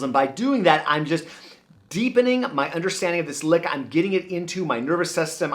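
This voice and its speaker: Man teaching bass, lively pitch. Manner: relaxed, self-correcting, sings rhythms aloud. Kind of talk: casual music lesson demonstration. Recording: loud bass playing behind the voice.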